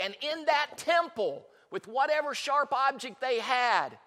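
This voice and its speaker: A male pastor preaches in a large, echoing church hall, his very high-pitched voice pushed and bright, very animated, at a measured pace with few pauses. His Bible storytelling is impassioned and full of repetitions.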